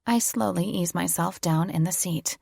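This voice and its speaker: A woman reads a first-person audiobook in a wry, confiding tone, slipping into whispers for private thoughts. Her voice sits a bit low with a husky, gravelly edge. The recording is dry and close. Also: normal speed, darkish tone, no echo. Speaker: audiobook narrator.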